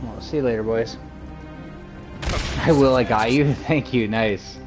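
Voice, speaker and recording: A man's voice: mid-range voice, a little slow, over music. A man casually commenting on his gameplay to a live chat, reacting in the moment and using plenty of fillers. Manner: chatty, reactive, filler-heavy, talks to chat. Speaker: game streamer. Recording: loud game gunfire under voice. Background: game gunfire and ambience.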